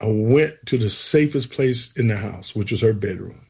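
A man's voice: fairly low pitch, moderate pace, creaky, husky. A man, telling his faith testimony as an interview guest and acting out the voices in it. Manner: animated storyteller, acts out quoted voices. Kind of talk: storytelling testimony.

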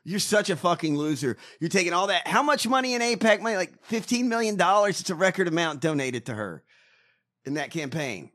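A man's voice: high voice, very animated, fairly bright tone. A man co-hosting a podcast, ranting in crude, mocking political banter. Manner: crude, mocking, rapid rants. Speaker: podcast co-host.

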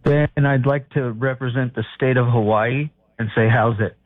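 A man's voice: mid-range voice, steady tone, normal speed, dry recording. A man calling into a radio show, rambling and hedging as he shares his opinion. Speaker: caller. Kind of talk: casual call-in radio banter. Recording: tinny dry phone line.

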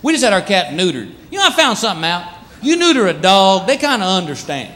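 At a live club full of crowd noise and laughter, a stand-up comedian with a high, fast voice performs his routine. He's animated, acting out his pets in silly, funny voices.

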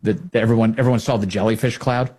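A man's voice: lowish voice, fairly even intonation, quick pace, a little mellow. A man hosting a political commentary show, talking in a sarcastic, mocking way.

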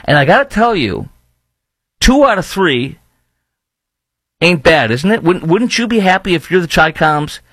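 A man's voice: sits high, sing-song, a little slow, pauses often, fairly bright tone, husky, no echo. A man hosting a political talk radio show, speaking emphatically, repeating himself and firing rhetorical questions.

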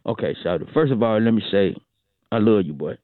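A man's voice: on the low side, expressive, a little fast, no echo. A man, drawling and repeating himself, telling a comic story on a morning radio show. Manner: drawling, repetitive, calls everyone shawty and boy. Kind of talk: comedic morning radio monologue. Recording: tinny phone-like radio line.

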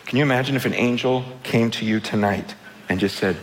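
A man preaching a conversational sermon, animated and chatty, often repeating his words and laughing. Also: on the low side, a little fast, slight background noise. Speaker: pastor.

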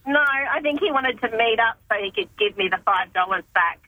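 A woman's voice: a little high, animated, normal speed, bright, forceful tone, dry recording, low-quality recording. A middle-aged woman calling in to a radio show, telling a story in a wry, matter-of-fact way over the phone. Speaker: caller. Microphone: phone call.

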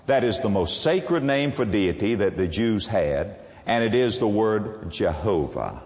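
A man's voice: fairly low pitch, expressive, measured pace, darkish tone. A man preaching a sermon, leaning hard on single words and drawing them out for emphasis. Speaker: pastor. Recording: echoey hall with long reverb.

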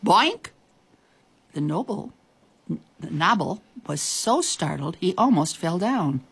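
A woman reading a children's story with a husky, low-set voice. She swings her pitch widely and stretches out words for effect. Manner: expressive, drawn-out reading. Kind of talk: storybook narration.

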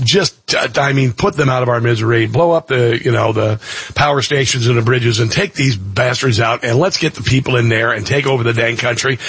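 Husky guy on talk radio, blunt and rambly, lots of uh's, dry close studio sound. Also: medium pitch, no echo. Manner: rambling and blunt, full of "uh" restarts. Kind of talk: opinionated talk radio commentary.

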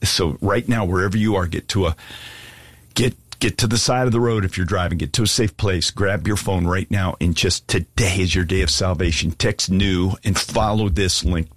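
A man's voice: deep voice, no echo. A man preaching an earnest, pleading sermon and asking listeners to give their lives to Jesus. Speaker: pastor. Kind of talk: sermon altar call.

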